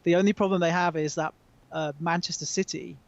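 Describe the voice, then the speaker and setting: A man's voice: fairly high pitch, fairly even intonation, brisk, no room sound, highs cut off. A British man, a magazine editor, chatting hesitantly with many ums as a call-in guest. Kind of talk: casual chat over a call. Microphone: remote call.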